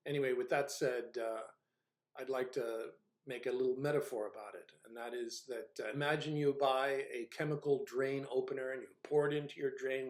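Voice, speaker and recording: A man's voice: mid-range voice, reverberant. A man giving casual spoken commentary as a video reviewer, rambling and hesitant with a wry, grumbling manner. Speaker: video essayist reviewing a TV series.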